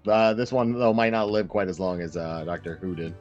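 A man's voice: deep voice, brisk, a little mellow, highs cut off. A man playing a tabletop role-playing game, describing his character's actions and joking wryly. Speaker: player. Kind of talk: tabletop game narration and banter.

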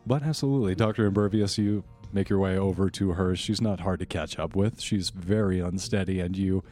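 Man, game master, low voice, steady descriptive narration, faint music behind. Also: fairly quick.

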